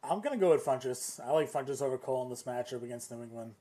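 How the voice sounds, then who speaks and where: A man's voice: medium pitch, expressive, mellow. A man producing a fantasy football live stream, giving his pick in a matter-of-fact way. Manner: quick, matter-of-fact analysis. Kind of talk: casual live-stream chat.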